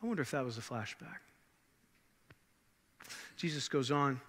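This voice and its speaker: A man's voice: mid-range voice, expressive, normal speed, fairly bright tone, slight background noise. A man preaching a sermon as a pastor, in a conversational way with rhetorical questions, with long church reverb. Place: church sanctuary.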